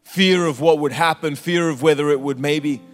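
A man with a high voice preaches with passion, stretching and half-singing his phrases. His words ring out in a live church hall with a long reverb tail. Soft instrumental music plays behind him. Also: steady tone. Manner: impassioned preaching with sung, drawn-out phrases. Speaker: pastor. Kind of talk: sermon.

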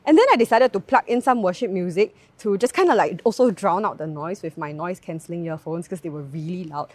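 A young Singaporean woman with a Singaporean English accent giving a devotional talk, telling a personal story in a chatty, animated way with lots of tag questions. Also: on the low side, a little fast, dry recording.

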